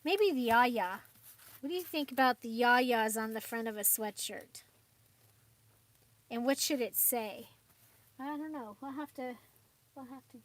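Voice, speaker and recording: A woman's voice: fairly high pitch, unhurried, pauses often. A woman hosting a crafting channel, chatting casually and rambling with frequent fillers and little laughs. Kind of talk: casual livestream chat.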